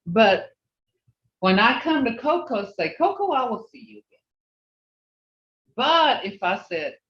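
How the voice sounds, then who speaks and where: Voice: mid-range voice, big pitch swings, a little slow, long pauses, a bit bright, recorded from a distance. A language teacher leading an online class, patiently repeating phrases to model their tone. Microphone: video call. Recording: roomy, dull video-call audio.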